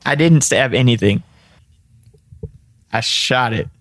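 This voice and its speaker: A man's voice: medium pitch, slow pace, fairly bright tone, no echo. A man playing a tabletop game, casual and cheeky, joking with the table. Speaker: player.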